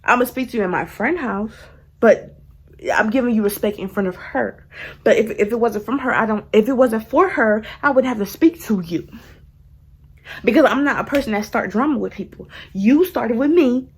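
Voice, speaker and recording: A young woman telling a casual storytime to her viewers, animated and laughing as she goes. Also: fairly high pitch, moderate pace, slightly rough. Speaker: vlogger.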